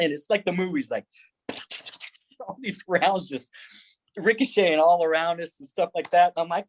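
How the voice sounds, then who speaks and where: A middle-aged man telling military stories on a podcast, laughing often and acting out quotes in a higher voice. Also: moderate pace, long pauses. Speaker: podcast guest, former Army Ranger. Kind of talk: casual storytelling.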